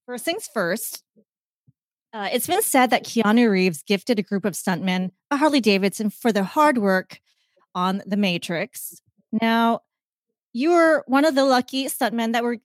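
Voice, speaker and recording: A woman's voice: on the high side, lively intonation, a little slow, no echo. A woman hosting a podcast interview, asking questions in an upbeat, casual manner. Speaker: podcast host.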